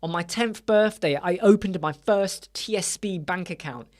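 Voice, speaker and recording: His voice sits high and a little mellow, at a normal speed. The man, in his 40s, hosts a casual web design livestream chat full of rambling and jokes, often breaking off before finishing a thought.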